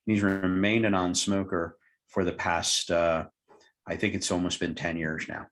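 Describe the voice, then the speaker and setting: A man's voice: low-pitched, little pitch movement, moderate pace, fairly bright tone. A man, a hypnotherapist guest, telling a client story in an interview and acting out both sides of the dialogue. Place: lived in Tucson, Arizona.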